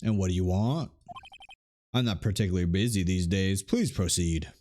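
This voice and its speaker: A man's voice: deep voice, normal speed, darkish tone, a little hiss or hum, natural voice. A man voicing a pompous, evasive older lawyer in a game, with a put-on Southern country drawl. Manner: pompous, drawling, stammering repetition.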